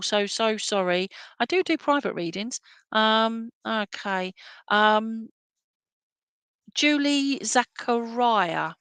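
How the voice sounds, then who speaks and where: Woman medium, mid pitch, chatty and reassuring, dry close mic. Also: fairly bright tone, dry recording. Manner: chatty, reassuring, asks if messages make sense. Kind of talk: online clairvoyant reading.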